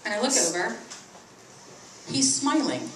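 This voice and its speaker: A woman's voice: a little slow, slight background noise. A middle-aged woman performing stand-up comedy at an open mic, telling stories and acting out what people said. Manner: animated, acts out quoted voices with big pitch jumps. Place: small tea house open mic. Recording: roomy sound, from far off the mic.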